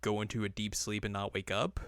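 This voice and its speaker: A man's voice: on the low side, level tone, brisk, a bit bright, smooth, no echo, clean studio sound. A man co-hosting a podcast, talking casually and jokingly about anime with lots of fillers. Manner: easygoing, jokey, filler-heavy. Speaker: podcast co-host.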